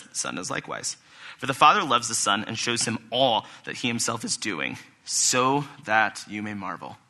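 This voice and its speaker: A young man giving a casual, conversational sermon to a congregation, animated and quick to act out quotes. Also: mid-range voice. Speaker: preacher. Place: church hall with a congregation.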